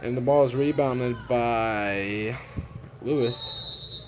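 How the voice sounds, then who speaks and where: A young man calls a basketball game at a slow, drawn-out pace. His voice sits at an ordinary pitch. Heavy gym noise sits behind him. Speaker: co-commentator. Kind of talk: amateur basketball commentary. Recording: noisy gym ambience behind.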